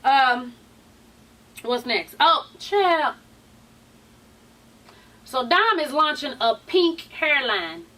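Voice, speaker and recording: A woman's voice: high-pitched, big pitch swings, extremely slow, long pauses, bright, forceful tone. A tired woman recapping a reality show in a sassy, chatty gossip style, swearing freely and calling her viewers honey and child. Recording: voice somewhat far from the mic.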